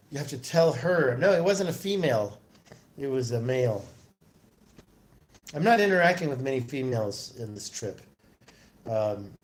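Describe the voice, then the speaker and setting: Guy rambling on a phone livestream, reading out chat comments, normal pitch. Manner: rambling, answers viewer comments aloud. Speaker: livestream host.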